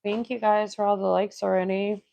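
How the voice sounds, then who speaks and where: A young woman hosting a casual livestream, her voice congested from a cold and a little gravelly at the edges. She chats easily and greets viewers by name. The sound is dry and close, with no room around it. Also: medium pitch, flat delivery, moderate pace, dark tone, no room sound, highs cut off. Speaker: livestream host doing nail art.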